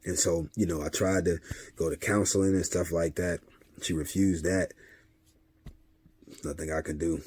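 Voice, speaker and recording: A man's voice: deep voice, steady tone, moderate pace, pauses often, a little mellow, a little hiss or hum. A man talking casually in a vlog, giving spiritual advice as a father and often using a filler tag as he talks. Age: adult father of several children. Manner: conversational, often repeats a filler tag and acts out dialogue. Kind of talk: casual spiritual talk monologue.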